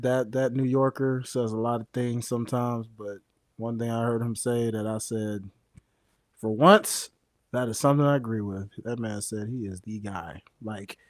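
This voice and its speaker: A man co-hosting a casual wrestling podcast, speaking emphatically with drawn-out stresses. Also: mid-range voice, dry recording, clean studio sound. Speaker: podcast co-host.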